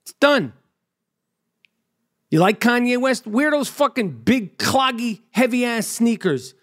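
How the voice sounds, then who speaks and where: A man's voice: very high-pitched, very animated, takes it slowly, a bit bright. A man hosting a podcast, delivering a blunt, profane, heated monologue. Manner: blunt, heated, heavy swearing. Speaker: podcast host.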